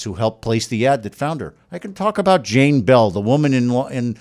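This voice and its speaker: A man's voice: mid-range voice, a little mellow. A middle-aged man telling a personal story as a guest, emphatic and effusive, often repeating himself. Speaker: guest telling his wife's kidney transplant story. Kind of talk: casual emotional storytelling.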